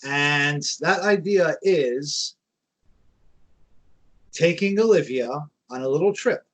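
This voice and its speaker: A man's voice: fairly high pitch, takes it slowly, a bit bright. A man hosting a show, talking casually and directly to his viewers. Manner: conversational, addresses the audience. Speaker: host.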